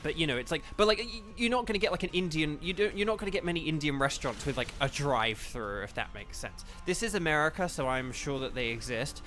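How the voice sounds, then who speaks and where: A man's voice: fairly high pitch, animated, fast talker, few pauses, a bit bright, faint music behind. A man streaming a game, chatting casually with viewers in a rambling, thinking-aloud way. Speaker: streamer and voice actor. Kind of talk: casual live-stream chat while gaming.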